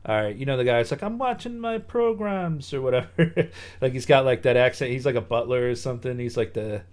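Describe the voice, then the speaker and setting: A man guesting on a podcast, telling a rambling story in a relaxed, casual way. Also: medium pitch, quick pace. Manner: laid-back, rambling with restarts.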